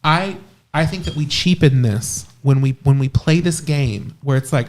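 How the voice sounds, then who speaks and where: A man's voice: a little high, moderate pace. A man co-hosting a live podcast chat, talking passionately and emphatically. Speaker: co-host, witchcraft priest.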